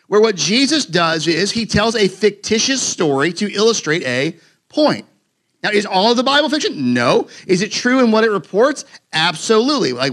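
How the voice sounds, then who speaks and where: A man's voice: high-pitched, a bit bright. A man preaching a sermon to his congregation in a casual, joking, conversational way, with many fillers and restarts. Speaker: pastor. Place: church sanctuary with a congregation.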